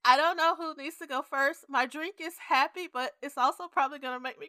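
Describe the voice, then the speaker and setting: A woman co-hosting a podcast in casual chat, animated and emotional, laughing often. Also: high voice, normal speed, few pauses, no room sound, clean studio sound. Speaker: podcast co-host.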